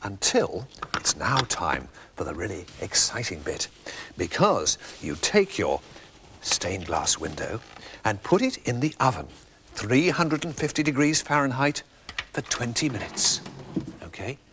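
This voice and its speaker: A man's voice: fairly low pitch, sing-song, a little slow, fairly bright tone, slight background noise. A man from England presenting a children's TV show, demonstrating a craft in a playful, theatrical way.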